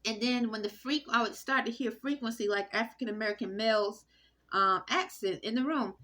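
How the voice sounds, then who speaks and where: Woman, bright tense tone, rambling phone-vlog monologue, halting with fillers and restarts. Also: fairly high pitch. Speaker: vlogger. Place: indoor room. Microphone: phone recording.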